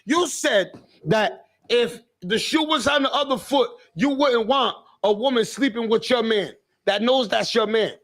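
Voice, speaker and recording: A man hosting a livestream, ranting in a casual, animated way, repeating himself and mimicking callers. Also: extremely high pitch, unhurried. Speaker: livestream host.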